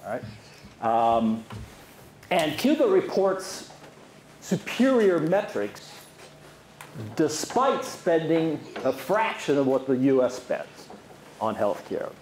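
A man's voice: a little high, very animated, takes it slowly, long pauses, a little mellow. A man giving an economics lecture at a university, quizzing the audience with questions and talking with many fillers. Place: lecture hall. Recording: echoey lecture hall, faint noise.

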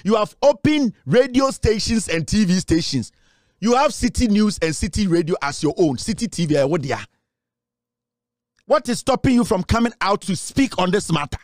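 A man's voice: sits high, lively intonation, normal speed, no echo, studio quality. A middle-aged man with a Ghanaian English accent, delivering a mocking, taunting commentary rant that slips into Twi. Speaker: online commentator. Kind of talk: ranting commentary.

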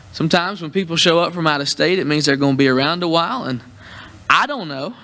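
Young guy preaching, jokey and folksy, bright punchy voice. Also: a little high. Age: young adult. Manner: joking, folksy and warm with the congregation. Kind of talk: sermon at a church convention.

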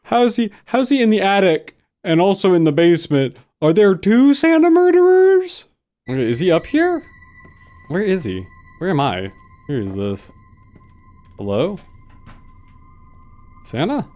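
Gaming host, high-pitched and animated, jumpy horror-game commentary, faint music bed. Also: male voice, unhurried, pauses often. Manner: jumpy, yelps and laughs at scares, then mutters low.

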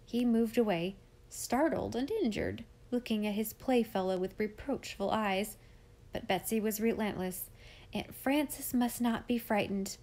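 A woman narrating a classic children's novel aloud in a measured, expressive reading. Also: medium pitch. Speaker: audiobook reader. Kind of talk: scripted storybook narration.

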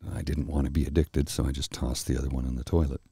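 A middle-aged man hosting a soft-spoken ASMR chat, telling a rambling story slowly and with restarts, close to the mic. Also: very deep voice, level tone, breathy edge, no room sound. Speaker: host.

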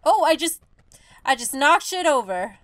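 A young woman hosting a gaming channel, giving excitable let's-play commentary full of squeals. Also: sits high, measured pace, no room sound. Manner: excitable, squealing, laughing reactions.

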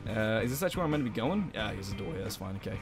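A young man hosting a let's play, commenting in an animated, jokey way and swearing a lot. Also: fairly low pitch, racing, creaky. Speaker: gaming channel host. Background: game music.

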